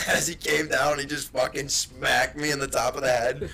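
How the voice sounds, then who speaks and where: A young man co-hosting a podcast, telling profane, rambling stories in casual chat with loud bursts. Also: medium pitch, level tone, moderate pace, vocal fry, a little hiss or hum. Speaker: podcast co-host.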